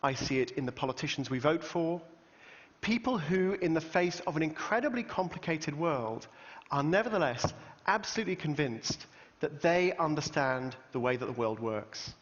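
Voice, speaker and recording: A man telling a story to an audience in a lively way, with dry humor and the odd filler. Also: a little high, moderate pace. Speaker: public speaker. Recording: dull sound with long hall reverb.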